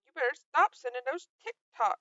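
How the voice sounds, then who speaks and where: Bright woman player on a dull dry mic. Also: sits high, lively intonation, a little fast. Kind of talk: casual chat.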